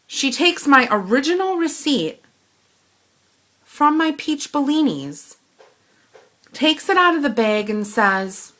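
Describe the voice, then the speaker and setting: A woman from Wisconsin, telling a shopping complaint story and acting out both sides of the conversation. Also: high voice. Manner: animated retelling, acting out both sides of the dialogue. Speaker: vlogger. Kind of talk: ranting story to camera.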